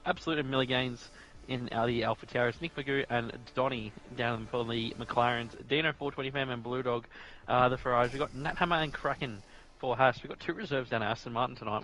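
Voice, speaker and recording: A man's voice: medium pitch, fairly bright tone, rough recording. A man with an Australian accent doing casual live commentary on a sim racing league, laughing and bantering as he runs through the grid.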